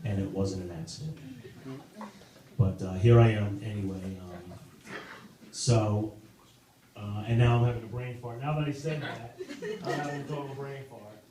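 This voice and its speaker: Halting man doing stand-up in an echoey basement. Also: fairly low pitch, steady tone, crowd noise. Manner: halting, self-deprecating, many fillers and restarts. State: sober, in recovery. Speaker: stand-up comedian. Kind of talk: stand-up comedy set. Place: club basement with live audience. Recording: very echoey room, distant mic, audible noise.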